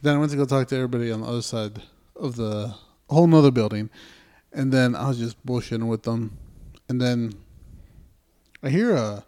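A young man telling a story on a casual podcast, swearing freely and slipping into quoted voices. His pitch sits in the middle of the usual male range. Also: brisk, pauses often, dark tone, smooth. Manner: profane storyteller, acts out his own quotes. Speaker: podcast co-host. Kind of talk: casual chat.

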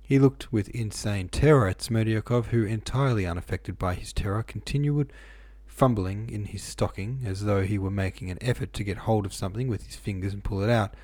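A man reads a novel aloud in a steady, even manner. His voice is low and mellow. The sound is dry and close, with no room around it. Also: a little fast, hardly any pauses, no room sound. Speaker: audiobook reader. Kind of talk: novel narration.

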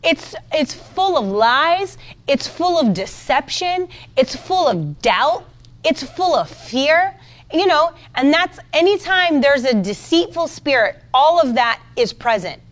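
Animated woman preaching a sermon. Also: high-pitched, slow. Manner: animated, mocking quoted voices, rising to loud indignation.

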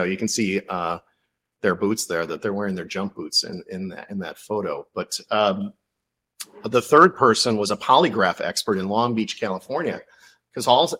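A man's voice: on the low side, slightly rough. A male author, a guest on a podcast, telling a story in a casual interview with lots of fillers. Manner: animated storytelling, many fillers.

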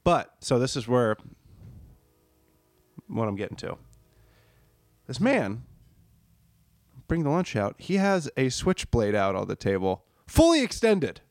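A man telling a funny story about his job as a server in a profane, animated way, acting out the people in it. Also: mid-range voice, slow, pauses often, no room sound, studio quality. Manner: profane, animated, acts out quotes. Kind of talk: casual comedic storytelling.

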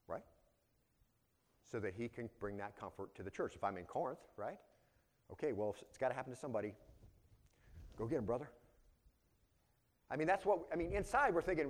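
A man's voice: medium pitch, lively intonation, fast talker, long pauses. A man pastor preaching an expository sermon in a conversational way, often tossing rhetorical questions back to his listeners.

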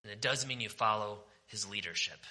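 A man in the pulpit delivers his sermon in a vivid, sharply bright voice. He swings between raised, forceful declarations and soft, intimate near-whispers, pressing his points with conviction. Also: on the low side, fairly quick. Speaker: pastor.

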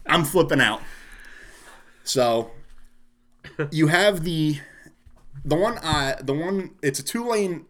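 A man's voice: a little high, lively intonation, takes it slowly, pauses often, a bit bright. Profane, ranting man telling a story. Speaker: storyteller in a casual chat. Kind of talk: casual chat.

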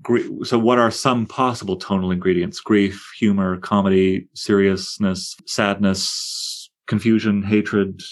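A man's voice: lowish voice, steady tone, unhurried. A man leading a poetry seminar, reading lines aloud with relish and tapping out the meter as he explains it. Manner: reads verse aloud with relish, taps out meter. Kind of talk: seminar discussion.

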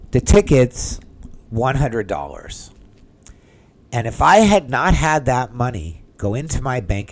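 A man casually telling a personal story to the camera in an excitable, rambling way, acting out the conversations he had. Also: mid-range voice. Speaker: vlogger.

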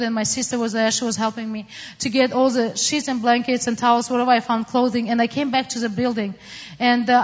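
A woman from the Middle East telling her personal testimony in an earnest, halting way, with frequent fillers. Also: on the high side, in a large hall, dull audio. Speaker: testimony speaker.

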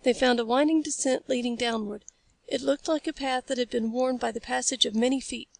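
Gravelly woman reading an audiobook. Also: on the high side, fairly even intonation, brisk, no room sound. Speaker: audiobook reader. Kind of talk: scripted narration.

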